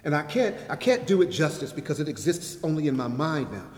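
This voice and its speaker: A man's voice: a little high, big pitch swings, fairly quick, darkish tone. A man giving a sermon at a church, reciting a rhyming spoken-word poem with a playful rhythm and leading the congregation in call-and-response. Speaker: guest speaker at a church service. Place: church sanctuary. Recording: echoey hall with long reverb.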